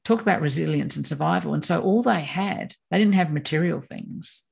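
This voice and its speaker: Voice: medium pitch, fairly quick, gravelly, a little mellow, husky. A course teacher explaining ideas in an emphatic conversational way, acting out quoted voices. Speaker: course teacher on personality animals.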